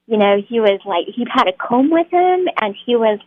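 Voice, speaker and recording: A woman's voice: fairly high pitch, lively intonation, moderate pace, no room sound. A woman actor, a guest on an interview show, telling stories in a chatty way and laughing easily. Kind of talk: casual interview storytelling. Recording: tinny phone-like line.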